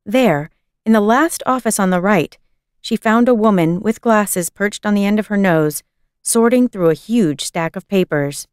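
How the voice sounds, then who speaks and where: A woman reading a children's book aloud in a measured, expressive storytelling manner. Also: medium pitch, smooth, dry recording, studio quality. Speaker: reader.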